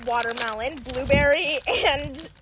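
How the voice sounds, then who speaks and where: A young woman chatting excitedly while taste-testing snacks in a backyard, laughing and squealing. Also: high voice, measured pace. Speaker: co-host. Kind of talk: casual chat taste test. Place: outdoors in a backyard. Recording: outdoor noise, birds. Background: birds and wrapper crinkling.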